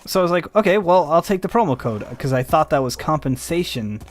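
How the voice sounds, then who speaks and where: A man's voice: on the high side, brisk. Tired young man rambling through a story. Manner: rambling, animated, mimics the other side of the conversation. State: tired, yawning. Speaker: gaming video host. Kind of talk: casual storytelling while playing.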